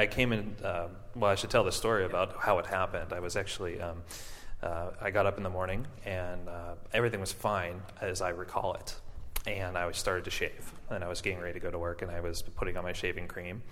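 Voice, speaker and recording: A man telling an audience his own story, halting often, with many fillers and restarts, and laughing at himself. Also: low-pitched, level tone, a bit bright. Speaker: performer and stroke survivor. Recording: long hall reverb.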